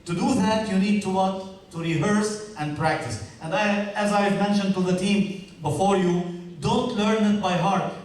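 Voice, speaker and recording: A man's voice: high-pitched, steady tone, unhurried, darkish tone. Man coaching students in an echoey hall. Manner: encouraging, coaching, repeats "okay?". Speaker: teacher giving feedback to students. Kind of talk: classroom feedback talk. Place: school hall or classroom. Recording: echoey room, mic far off.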